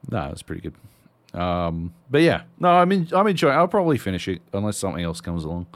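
Guy on a podcast, really low voice, swears a lot, rambles, dry sound. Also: very animated, a little fast, dry recording. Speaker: podcast co-host. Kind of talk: casual chat.

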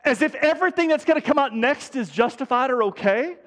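High-voiced guy preaching, chatty but keeps hammering points, long hall echo. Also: animated, a little fast. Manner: conversational preaching with emphatic repetition. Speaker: pastor. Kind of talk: sermon.

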